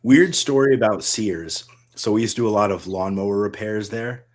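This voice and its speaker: A man from Maine co-hosting a casual podcast, telling easygoing stories about old jobs. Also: fairly low pitch. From Maine, USA. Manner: easygoing storyteller, drawn-out. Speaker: podcast co-host.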